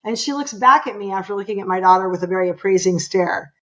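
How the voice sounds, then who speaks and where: A woman's voice: mid-range voice, quick pace, dull audio. A middle-aged woman from California, a podcast guest telling a personal story with emphatic, impassioned delivery. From California, USA.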